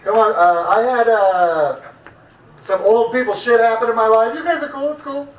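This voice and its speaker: A man's voice: extremely high pitch, moderate pace. A man hosting a stand-up comedy night, crude and rambling, joking with the crowd in the back room of a restaurant. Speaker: comedy show host. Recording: echoey room, mic heard from far off.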